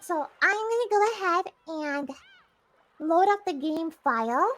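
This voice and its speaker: A woman's voice: very high-pitched, expressive, unhurried, fairly bright tone. A woman hosting a game stream, chatting casually, giggling often and explaining the story to her co-hosts. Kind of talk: casual chat.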